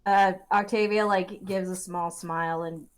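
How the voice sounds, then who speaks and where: A woman's voice: fairly low pitch, fairly even intonation, unhurried. A woman player in a tabletop game, narrating her character's actions hesitantly and trailing off. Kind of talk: casual tabletop play.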